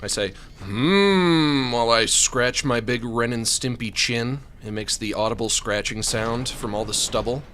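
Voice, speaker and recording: A man's voice: mid-range voice, little pitch movement, normal speed, few pauses, sharp tone, a little hiss or hum. A man streaming a game, rambling and joking, with panicky yelps when chased. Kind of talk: let's play commentary.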